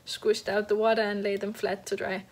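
A woman hosting a knitting podcast, chatting casually about her projects, halting with many fillers and restarts and a little out of breath. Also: medium pitch, level tone. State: slightly out of breath. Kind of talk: casual show-and-tell chat. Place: at home next to a heater.

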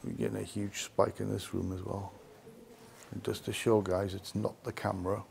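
A man hosting a ghost-hunting vlog, talking in a hushed voice as he walks through the rooms of an old mansion. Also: on the low side, level tone, moderate pace, creaky. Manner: hushed, keeping his voice down. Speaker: paranormal investigator host. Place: rooms of a large historic mansion, indoors.

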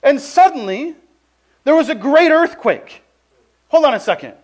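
High-voiced casual male preacher. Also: measured pace. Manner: conversational, heavy use of "like", animated storytelling. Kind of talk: casual sermon with personal story.

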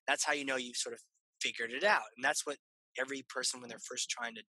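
A man's voice: medium pitch, fairly even intonation, fast, bright, forceful tone, no echo, low-quality recording. A man hosting a podcast, talking loosely and rambling with lots of fillers. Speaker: podcast host. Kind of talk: casual chat.

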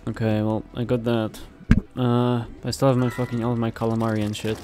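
A young man giving casual gameplay commentary, swearing constantly and reacting loudly to what happens on screen. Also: medium pitch, flat delivery, a little fast, music in the background.

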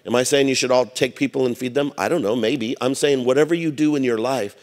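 A man preaching from the pulpit, his voice sitting at an ordinary middle pitch. He tells lively stories and slips into the voices of the people he quotes. The sound carries a long reverb from a church sanctuary. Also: a little fast. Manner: animated storytelling, acts out quoted voices. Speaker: pastor. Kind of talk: sermon.

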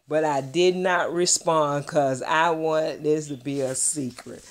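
Slow, gushing woman vlogger. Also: low-pitched, fairly even intonation. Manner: gushing, heartfelt and chatty. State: close to tears. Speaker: doll collector vlogger. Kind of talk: casual vlog reveal.

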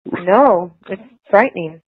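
A woman's voice: medium pitch, lively intonation, slow, no room sound. A woman guest in a phone interview, talking in an emotional, rambling way with many restarts. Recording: tinny dry phone line.

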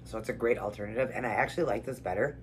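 Her voice is extremely low and very fast as she prays and reads scripture to people watching at home. The woman, a keto vlogger, sounds earnest and emotional, repeats herself, and eats during this devotional vlog over slight background noise.

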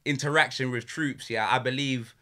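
A man's voice: medium pitch, steady tone, moderate pace, bright, forceful tone. A young man, a podcast guest chatting casually in slang and laughing often. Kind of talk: casual chat.

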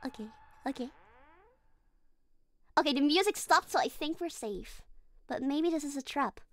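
A woman's voice: high voice, animated, moderate pace, fairly bright tone. A woman streaming a horror game, not a native English speaker, talking nervously and swearing when startled. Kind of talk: live horror game playthrough.

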